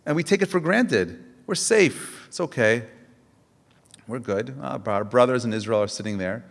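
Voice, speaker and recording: A man's voice: mid-range voice, lively intonation, normal speed, gravelly, in a large hall. A man, a rabbi, giving an impassioned Tisha B'Av lecture, asking rhetorical questions and telling stories with frequent restarts.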